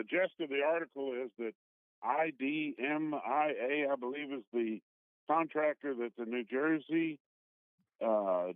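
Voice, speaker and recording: A man calling in to a radio talk show, speaking haltingly over the telephone. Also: medium pitch, clear, resonant tone, no room sound. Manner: halting, with many fillers and restarts. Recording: tinny phone line.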